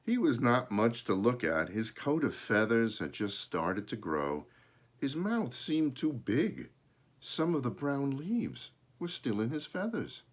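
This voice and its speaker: A man reading a children's story aloud in an animated way, pausing to talk about the pictures. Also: medium pitch. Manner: animated, pauses to point at pictures. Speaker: storybook reader.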